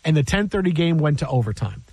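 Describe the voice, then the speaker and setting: A man with a high voice hosts a sports radio show from the studio. He tells stories in an animated way, laughing and mimicking other people. The mic is close and dry. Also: fast, husky, no echo, rough recording. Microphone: studio microphone.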